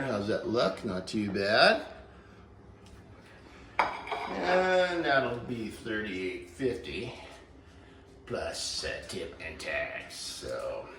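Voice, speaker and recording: 60-something guy rambling in his kitchen, real lively up and down voice, noisy background. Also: medium pitch, echoey room, distant mic. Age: 60s. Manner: folksy, rambling, self-joking. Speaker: vlogger. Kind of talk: casual kitchen vlog. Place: home kitchen.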